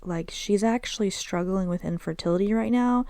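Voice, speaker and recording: Woman, Southern American accent, podcast host, candid chatty storytelling, gravelly, dry sound. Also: mid-range voice, moderate pace, dark tone, no echo. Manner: chatty, candid, self-deprecating, sprinkles Arabic phrases. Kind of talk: casual solo podcast storytelling.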